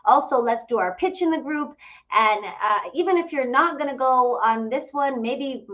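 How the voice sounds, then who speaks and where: A woman's voice: high-pitched, moderate pace, fairly bright tone, lo-fi sound. A woman casually telling a travel story to her followers, chatty and full of fillers and quoted dialogue. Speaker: host of a travel group channel.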